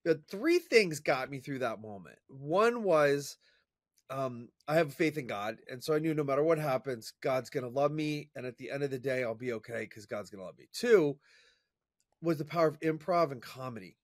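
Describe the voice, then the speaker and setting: A man as an interview guest, telling a personal story in an energetic, chatty way with fillers and restarts. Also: mid-range voice, moderate pace, no room sound, studio quality. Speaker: interview guest, professional speaker. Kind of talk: casual storytelling in conversation.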